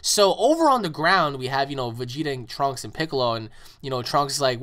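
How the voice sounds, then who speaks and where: A man's voice: medium pitch, lively intonation, a little fast, a bit bright. Male channel host, casual, rambling recap voice with constant "you know". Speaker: comic review channel host. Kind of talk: casual retelling of a fan comic.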